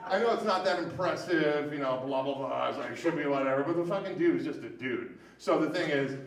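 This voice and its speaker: A man's voice: on the high side, brisk. Rambling, profane man telling a story on stage. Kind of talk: live storytelling performance. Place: stage at a live storytelling show. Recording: echoey room, mic at a distance, faint noise.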